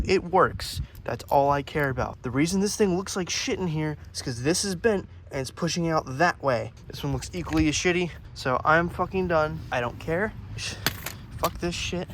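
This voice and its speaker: A man's voice: on the high side, background noise. Frustrated young man swearing over car repairs. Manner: frustrated, swearing, muttering to himself. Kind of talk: profane self-filmed repair vlog. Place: outdoors working on a car at night.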